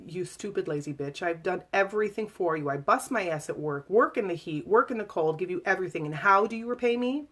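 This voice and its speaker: A woman voicing a volatile, abusive husband in a memoir reading, swinging between begging and bellowing, pitched higher and louder than she normally talks. A raw, everyday delivery rather than a put-on character voice. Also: brisk, hardly any pauses. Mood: furious. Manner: switches from pleading to bellowing threats. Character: volatile abusive husband, pleading then raging.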